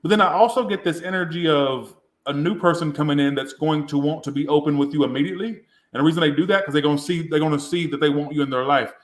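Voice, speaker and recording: A man's voice: a little high, fast, hardly any pauses. A man giving a live tarot reading, rambling and crude, sounding tipsy and poking fun at himself. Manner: rambling, crude and self-mocking. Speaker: tarot reader. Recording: roomy echo.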